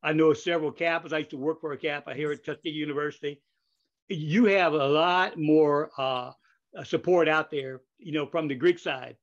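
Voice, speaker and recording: Older male podcast host, slightly high voice, rambling chatty delivery full of fillers, muffled lo-fi recording. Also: steady tone, moderate pace. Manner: rambling, with many fillers and restarts. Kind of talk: casual interview chat. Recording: dull lo-fi audio.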